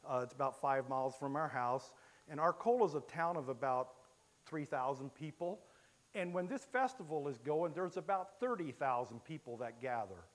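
A man from Illinois preaching a sermon, telling a story with many halting restarts. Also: a little high, expressive. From Illinois, USA.

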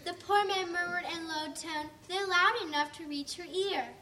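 A woman narrating a storybook in an expressive, lilting reading. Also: very high-pitched, normal speed. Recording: distant mic, faint hiss.

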